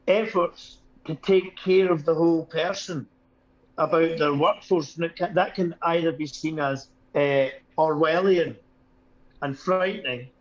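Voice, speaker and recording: A man's voice: a little high, dull audio. A man who is a guest on a podcast, dry and wordy, giving analytical takes. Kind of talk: casual chat.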